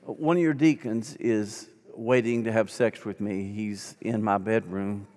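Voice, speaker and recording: Anxious whispering woman caller, put on by a man in his 60s; hushed, low, echoey hall. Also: fast talker, slightly rough. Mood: hushed urgent.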